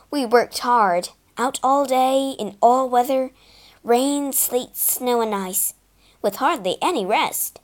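A woman reading a storybook aloud in a slow, clear way, giving the characters voices. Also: fairly high pitch. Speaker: storybook reader. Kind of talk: storybook narration for learners.

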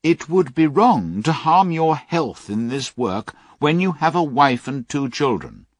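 A man's voice: fairly high pitch, expressive, a little slow, dry recording, studio quality, pitched above the performer's own voice. A man voicing a polite, well-to-do lady in a storybook reading. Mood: cordial. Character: well-to-do lady, cordial and concerned.

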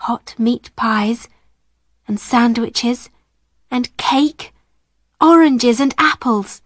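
Slow, careful woman storybook narrator. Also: fairly high pitch, no echo, clean studio sound. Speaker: audiobook narrator. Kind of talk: graded-reader storybook narration.

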